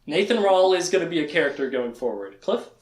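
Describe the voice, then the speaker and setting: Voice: medium pitch, very animated, fast talker. A lecturer giving a casual recap to a small audience, chatting, laughing often and acting out quotes. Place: room with a small live audience. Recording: echoey room.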